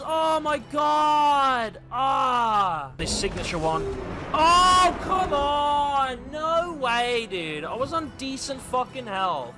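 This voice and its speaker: A man playing a video game, shouting and cursing in frustration. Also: extremely high pitch, big pitch swings, slow pace. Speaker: gaming streamer. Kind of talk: raging gameplay commentary. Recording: game music behind voice.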